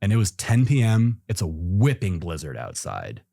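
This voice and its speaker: A man with a low voice recounts a climbing ordeal, slipping into the voices of the people he quotes. The sound is dry and close, with no room echo. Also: moderate pace, vocal fry. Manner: animated storyteller acting out quotes. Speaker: guest climber. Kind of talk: casual storytelling.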